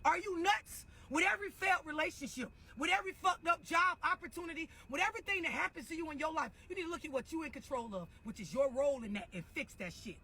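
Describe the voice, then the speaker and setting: A woman's voice: high-pitched, lively intonation, quick pace, hardly any pauses, sharp tone. A middle-aged woman delivering a blunt, profane, mocking rant as an online commentator. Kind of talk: profane ranting monologue.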